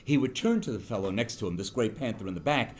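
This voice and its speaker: A man's voice: fairly low pitch, animated, fast talker, a little hiss or hum. A middle-aged man, a political science professor, giving a university lecture and telling stories with many ums and restarts.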